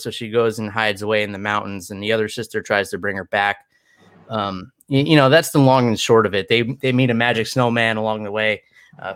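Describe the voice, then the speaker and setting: A man's voice: lowish voice, fairly bright tone, clear, resonant tone, no echo, studio quality. A tired man chatting loosely as a podcast co-host, rambling with many restarts. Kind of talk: casual chat.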